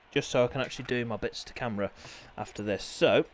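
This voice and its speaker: A young man hosting a sim racing league stream in casual, chatty, self-deprecating livestream talk, often clearing his throat. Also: mid-range voice, normal speed, slight background noise.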